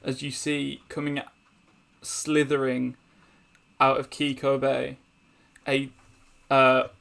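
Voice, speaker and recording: A man running a tabletop game as game master, narrating slowly with many pauses and fillers. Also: medium pitch, flat delivery, gravelly, a bit bright. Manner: slow, hesitant with many fillers.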